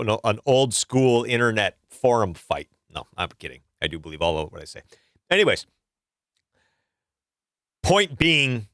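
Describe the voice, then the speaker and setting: A man's voice: medium pitch, a bit bright, no echo, clean studio sound. A middle-aged man hosting a casual livestream, rambling and swearing, with frequent restarts as he rants. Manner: rambling, profane, fired-up ranting with frequent restarts. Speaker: livestream host and music producer.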